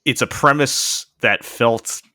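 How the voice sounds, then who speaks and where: A man's voice: medium pitch, slow, bright, forceful tone, no room sound, studio quality. A man hosting a casual podcast chat, laughing often and making wry asides. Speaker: podcast host.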